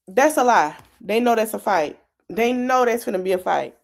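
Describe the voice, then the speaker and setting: A woman in casual commentary who responds in a blunt, dismissive way. Her voice sits slightly high, and her remarks come out short and flat. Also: moderate pace, vocal fry.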